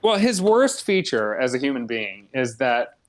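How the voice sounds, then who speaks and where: A man's voice: mid-range voice, big pitch swings, normal speed. Young male podcast co-host, chatty storyteller, mid-range voice, easygoing. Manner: chatty storyteller, acts out both sides of a story. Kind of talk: casual gaming podcast chat.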